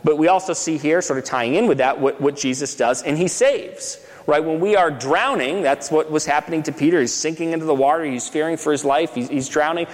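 A man preaching in a relaxed, conversational way, often tossing in "right?" and repeating words as he restarts his thoughts. His voice sits a little high for a man. A long reverb trails each phrase, as if he were speaking in a large hall. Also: fairly quick, few pauses. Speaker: pastor. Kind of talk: sermon.

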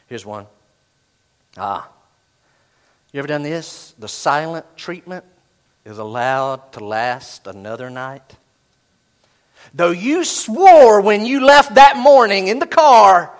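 Animated pastor preaching. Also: male voice, high-pitched, takes it slowly, long pauses. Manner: swings from loud emphasis to hushed asides; acts out quoted inner voices. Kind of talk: sermon.

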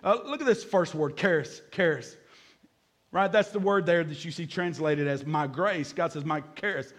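Male pastor with a high voice, energetic preaching, playful asides. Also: moderate pace. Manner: energetic, jokes with the congregation, repeats key words. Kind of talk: sermon.

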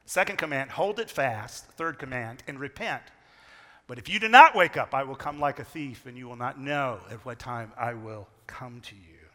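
A middle-aged man preaching a sermon, telling a story with big swings from loud to hushed. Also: medium pitch, lively intonation, normal speed. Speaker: pastor. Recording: long reverb of a large hall.

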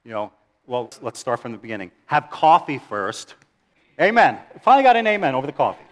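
A middle-aged man preaching a sermon in a church, animated, asking his listeners questions and joking with them. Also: medium pitch, a little fast. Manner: animated, asks the audience questions, jokes. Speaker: pastor.

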